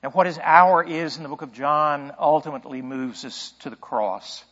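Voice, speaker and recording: A man's voice: fairly high pitch, normal speed, fairly bright tone, in a large hall, lo-fi sound. Man preaching a conversational sermon. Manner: conversational, thinking aloud with rhetorical questions. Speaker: pastor.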